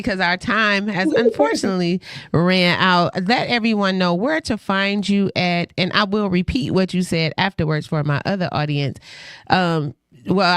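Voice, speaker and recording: Lively woman radio host telling stories. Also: fairly low pitch, clean tone, no room sound, studio quality. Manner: animated storyteller who acts out quoted voices; laughs often while talking. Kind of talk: casual radio interview chat. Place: radio studio.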